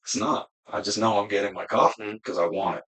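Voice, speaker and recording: A man's voice: on the low side, brisk, a bit bright, slightly rough. A man in his fifties talking as a podcast guest in a laid-back, rambling way, swearing freely as he muses about life. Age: 50s. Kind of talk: casual conversation, philosophical storytelling.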